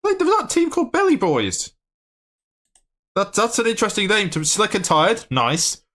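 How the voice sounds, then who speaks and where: A man hosting a reaction video, excitable and joking as he heckles the clips he watches. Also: high-pitched, normal speed. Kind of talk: casual reaction commentary.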